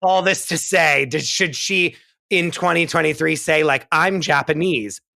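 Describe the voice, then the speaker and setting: A man's voice: a little high, unhurried, gravelly, pushed and bright, dry recording, clean studio sound. A man co-hosting a comedy podcast in casual chat. He rambles, leans on "like" and laughs often. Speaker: podcast co-host.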